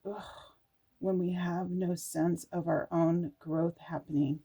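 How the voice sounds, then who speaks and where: Slow-talking woman reading oracle cards. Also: fairly low pitch, steady tone, creaky, dark tone, breathy edge. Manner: meandering, halting, with frequent laughs and fillers. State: tired. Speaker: spiritual oracle card reader. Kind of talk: casual spiritual vlog, reading aloud and reflecting.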